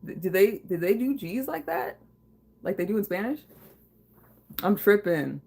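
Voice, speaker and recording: A woman's voice: mid-range voice, expressive, measured pace, creaky, darkish tone, husky. A woman hosting a casual livestream from her home kitchen, reading viewer comments, chatting loosely with lots of fillers and swearing. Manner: casual and profane, laughing, chatty with frequent fillers. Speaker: livestream host.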